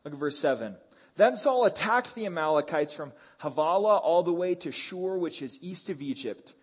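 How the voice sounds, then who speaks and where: A man preaching a sermon in a casual, animated way, dropping slang as he reads and explains scripture. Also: a little high, normal speed, husky. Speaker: pastor.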